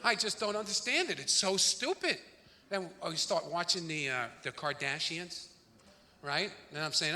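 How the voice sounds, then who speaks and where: Brash New stand-up comic, bright voice. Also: male voice, a little high, lively intonation. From New York, the Bronx. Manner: brash, rapid-fire storytelling. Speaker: stand-up comedian. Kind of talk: stand-up comedy routine. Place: theater stage. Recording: live theater reverb, faint room noise.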